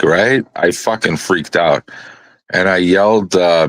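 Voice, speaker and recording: A man's voice: low-pitched, steady tone, unhurried, no echo. A man telling a rambling, profane story in a casual live panel chat.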